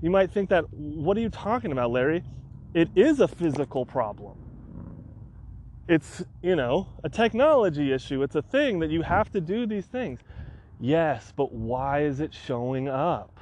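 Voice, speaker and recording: Animated man telling a story. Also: on the high side, unhurried. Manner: animated storytelling, acts out his own frantic outbursts. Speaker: podcast host. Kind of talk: solo podcast monologue.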